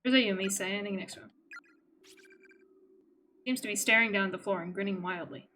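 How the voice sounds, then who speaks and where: A woman's voice: medium pitch, normal speed, long pauses, pushed and bright, a little hiss or hum. A woman streaming a game live, reading its on-screen text aloud between her own reactive comments.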